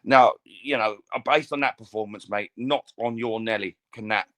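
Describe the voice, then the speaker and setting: A man's voice: lowish voice, moderate pace, fairly bright tone. A man co-hosting a casual boxing podcast, chatty, often stammering and restarting his sentences. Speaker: podcast co-host.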